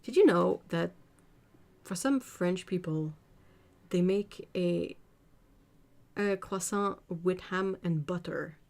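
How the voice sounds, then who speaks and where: A woman's voice: fairly low pitch, slow pace, vocal fry, pauses often, a little mellow. A woman from Britain hosting a casual art livestream, reading viewer comments aloud, chatting and laughing often. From United Kingdom.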